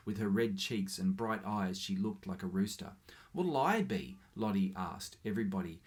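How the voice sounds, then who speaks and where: A man reading a short story aloud in a steady, measured way. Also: low-pitched, vocal fry. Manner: steady, measured, with small slips. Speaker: reader.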